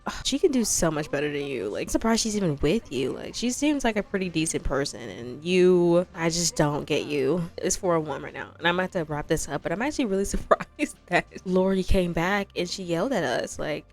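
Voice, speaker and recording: A woman's voice: fairly low pitch, animated, a little fast, hardly any pauses. A woman giving chatty, sassy commentary over a game playthrough, with dramatic asides to the viewers. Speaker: gaming video creator.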